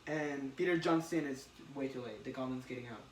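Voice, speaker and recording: A man casually recapping a comic story with a friend. He talks in halting bursts and acts out the characters' lines. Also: medium pitch. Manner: excited, halting retelling with acted quotes. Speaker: podcast co-host recapping a comic. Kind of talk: casual chat. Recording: roomy, distant mic with faint hiss.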